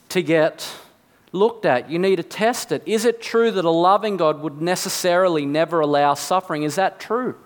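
A man with a fairly high voice preaches a sermon. He reasons aloud, poses rhetorical questions and acts out little asides. His voice rings with a long reverb.

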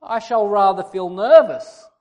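A man's voice: high voice, lively intonation, a little slow, darkish tone, long reverb tail. A man reading aloud as a nervous young girl from a storybook, in a timid, questioning voice.

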